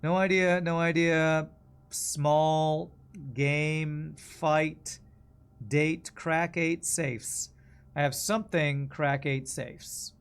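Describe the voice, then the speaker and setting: A man's voice: on the high side, flat delivery, drawn-out words, clear, resonant tone. Man thinking aloud while gaming. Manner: muttering to himself, thinking aloud. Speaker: streamer playing a puzzle game. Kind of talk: casual gameplay commentary.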